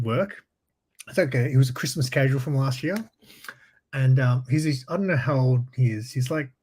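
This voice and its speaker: This Australian man tells stories in a relaxed, chatty way and laughs a lot as he goes. His voice is medium-pitched, slightly mellow and husky.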